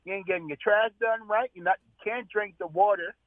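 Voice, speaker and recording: A man calls in to a radio show, earnest and complaining in a conversational way. His voice is fairly high, and it comes through a tinny phone line with a dry sound. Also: fairly quick, no echo. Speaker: caller.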